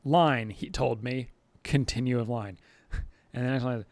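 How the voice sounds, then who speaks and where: A man's voice: medium pitch, steady tone, normal speed, a little mellow, dry recording. A man hosting a casual livestream, rambling with many fillers and frequent chuckles. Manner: rambling, full of fillers and restarts, chuckling often. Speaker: channel host livestreaming to chat.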